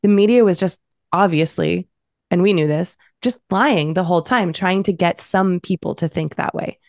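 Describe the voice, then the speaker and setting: A woman's voice: fairly low pitch, normal speed, dry recording, clean studio sound. A woman from Massachusetts co-hosting a podcast, chatting casually and telling stories with blunt, profane energy. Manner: blunt, profane, animated storytelling. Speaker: podcast co-host.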